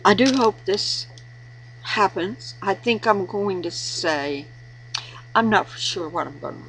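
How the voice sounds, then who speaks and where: A woman's voice: medium pitch, animated, measured pace, a bit bright, a little hiss or hum, low-quality recording. A woman giving earnest, preachy marriage advice in an informal devotional talk, repeating words for emphasis. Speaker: Christian video blogger giving marriage advice.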